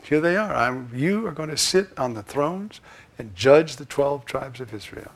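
A man preaching a sermon, swinging from loud, emphatic lines to hushed asides. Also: medium pitch, expressive, unhurried.

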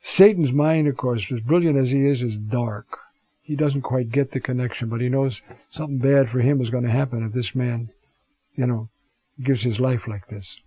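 A man teaching a Scripture talk in an unhurried, reflective way, pausing often as he looks up verses. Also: mid-range voice, breathy edge, no room sound, dull audio. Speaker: Bible teacher.

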